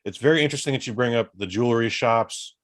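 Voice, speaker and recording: A man's voice: mid-range voice, fast, no room sound, studio quality. A man co-hosting a movie podcast, chatting casually in a wry, skeptical way. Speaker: podcast co-host.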